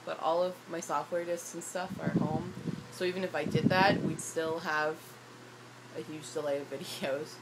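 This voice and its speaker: Young woman vlogger, hoarse, frustrated and rambling, slightly low voice; phone recording with loud noise. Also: fairly even intonation, moderate pace. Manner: frustrated, rambling, self-deprecating. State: hoarse from shouting. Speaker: YouTuber. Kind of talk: casual vlog rant.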